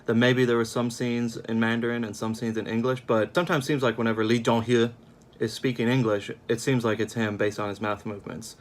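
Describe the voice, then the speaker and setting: A man's voice: mid-range voice, fairly even intonation, fairly quick. A young man giving a casual, sarcastic film review, rambling at an uneven pace.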